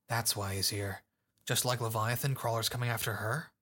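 A man's voice: mid-range voice, steady tone, normal speed, sharp tone. A man voicing a sarcastic, impatient teenage boy hero. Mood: edgy.

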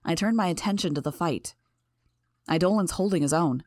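Woman audiobook narrator, low voice, dry close mic, steady measured reading. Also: no room sound. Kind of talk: first-person fan audiobook narration.

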